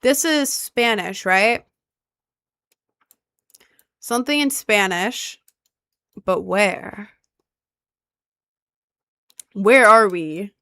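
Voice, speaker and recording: Unhurried young woman thinking aloud. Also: mid-range voice, pushed and bright, clean tone, no room sound. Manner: thinking aloud, asks chat for help. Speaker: streamer. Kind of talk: casual gameplay commentary.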